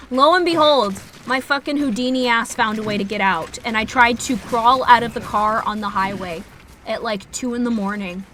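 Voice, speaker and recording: A woman's voice: fairly high pitch, moderate pace, pushed and bright, a little hiss or hum. A woman in her twenties, a streamer, telling a story in a rambling, casual way, swearing freely and laughing at herself. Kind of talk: casual storytelling while gaming.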